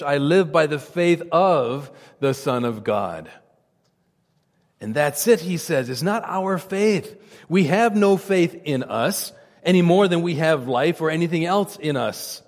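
A man preaches earnestly, in a testifying style, his voice falling low and quiet at reverent moments. The sound has a big-room quality.

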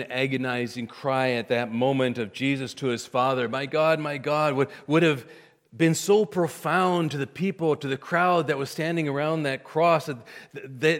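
Guy preaching, drops real quiet then gets loud, big echoey hall. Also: mid-range voice. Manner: dramatic, swinging from hushed to loud. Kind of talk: sermon. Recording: long hall reverb.

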